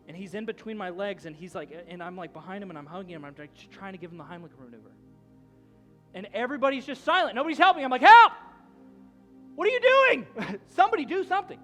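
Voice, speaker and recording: A man in his thirties preaching a sermon as a pastor, telling a story in a loose conversational way with many restarts. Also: on the high side. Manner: storytelling, rising to loud shouting at the climax.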